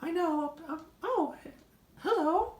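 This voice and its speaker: A fussy, gossipy sister frets at a hospital bed in a high, dramatic voice, played by a woman. The hobby voice drama is recorded in an echoey room. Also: expressive, takes it slowly, exaggerated voice.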